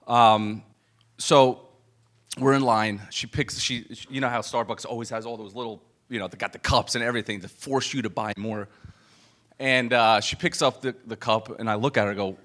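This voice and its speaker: Man, live talk to an audience, conversational storytelling, mid-pitched voice, acts out dialogue, lots of restarts. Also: moderate pace. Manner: animated and conversational, full of fillers and restarts, acts out quoted dialogue. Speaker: business coach speaking to an event audience. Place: event room with a live audience.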